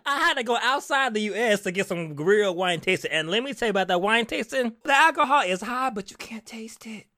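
Sassy man host, bright voice that swings all over, dry close sound. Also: high-pitched, animated, no echo. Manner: sassy, theatrical, calls listeners honey; drawn-out, emphatic repetition. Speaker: podcast host. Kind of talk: casual chat.

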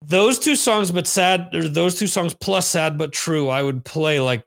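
A man with a fairly high, slightly bright voice speaks a little slowly with vocal fry. He hosts a podcast, answering listener questions in a casual monologue full of rambling, profane stories. It's recorded on camera for streamed video.

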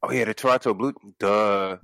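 A man's voice: fairly low pitch, steady tone, normal speed, pushed and bright, clear, resonant tone, no echo. A man co-hosting a casual sports podcast from home, loose and profane, rambling with restarts. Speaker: podcast co-host.

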